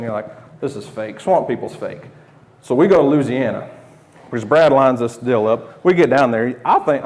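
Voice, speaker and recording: This American man in his thirties runs a homesteading channel and has an Oklahoma accent. His voice sits at a medium pitch with a little mellowness, and he rambles through a relaxed story on camera, chuckling and starting over now and then.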